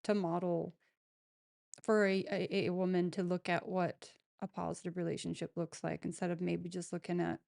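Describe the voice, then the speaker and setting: A woman's voice: fairly low pitch, flat delivery, moderate pace, vocal fry, darkish tone. A woman hosting a podcast interview, asking supportive, reflective questions. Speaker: podcast host. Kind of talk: interview conversation.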